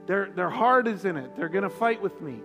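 A doubtful, humble farmer-warrior, played by a preacher in a sermon retelling. The voice is high and rings through a long, reverberant hall with music under it. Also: male voice, very animated, brisk.

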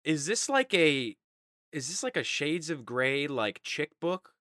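A man's voice: measured pace, no room sound, clean studio sound. A man co-hosting a podcast, telling stories in a loose, casual chat and acting out the people he quotes. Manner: animated storytelling, acting out quotes in high voices. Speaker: podcast co-host.

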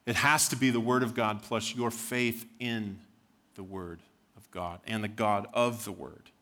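A man's voice: on the low side, steady tone, a little slow, a bit bright. A man preaching a sermon as senior pastor, earnest, repeating words and rising into fervent pleading prayer.

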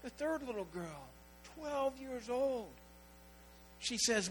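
A man's voice: extremely high pitch, sing-song, takes it slowly, pauses often, a bit bright, slight background noise, rough recording. A man preaching a sermon as pastor, telling stories and acting out the people in them. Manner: storytelling preacher, acting out quoted voices.

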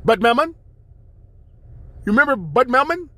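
A man's voice: high-pitched, lively intonation, a little slow, bright, forceful tone, dry recording. A man hosting his own podcast, delivering a rambling spiritual monologue with preachy, chanted repetitions. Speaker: podcast host.

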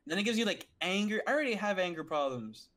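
Animated, swearing young man. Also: high voice, fast talker. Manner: animated, swears a lot, vents loudly. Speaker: friend in voice chat. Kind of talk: casual chat.

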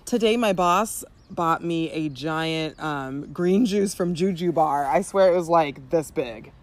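A woman's voice: sits low, a little slow. A young woman from Southern California co-hosting a podcast, chatting casually outdoors in a backyard with lots of fillers and laughter. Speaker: podcast co-host. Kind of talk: casual chat.

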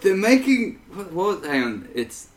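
A man's voice: high-pitched, sing-song, unhurried, a little hiss or hum. A man in casual chat as a podcast co-host, rambling and self-deprecating.

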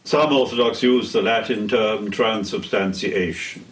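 Slow, solemn older man lecturing. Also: on the low side. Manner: deliberate, solemn, pausing between phrases. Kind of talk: slow measured theology lecture. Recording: echoey room, heard from a distance.

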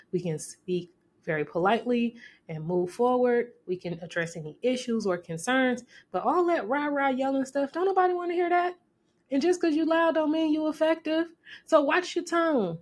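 A woman hosting an advice podcast, talking casually to her listeners. Her voice sits at a middling pitch, and she leans on her words with emphatic repetition, often jumping up high for emphasis and then dropping low. The delivery is lively and direct. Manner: lively and emphatic, with pointed repetitions and sudden rises. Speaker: podcast host giving relationship advice.

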